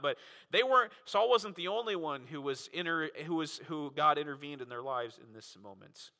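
A man preaching a sermon as pastor, animated and full of rhetorical questions. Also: medium pitch. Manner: animated, frequent rhetorical "right?" asides. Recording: long reverb of a large hall.

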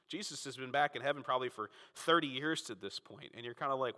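A man from Florida preaching a Sunday sermon as pastor, emphatic and fervent, swinging between loud peaks and quiet asides. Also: animated, quick pace, hardly any pauses, big-room sound. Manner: emphatic, rising to fervent peaks then dropping low.

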